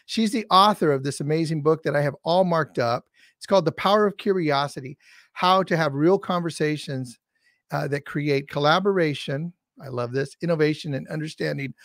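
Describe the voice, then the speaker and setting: A man's voice: on the high side, dry recording, studio quality. Enthusiastic man hosting an interview. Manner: enthusiastic, with many fillers and restarts. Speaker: podcast host. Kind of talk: casual interview chat.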